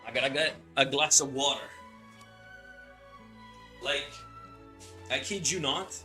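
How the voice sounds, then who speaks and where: A man's voice: mid-range voice, slow pace, pushed and bright. A young male streamer rambling and joking through a game, his swearing loose and casual. His voice sits mid-range, with faint game music playing under it. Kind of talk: casual livestream chat.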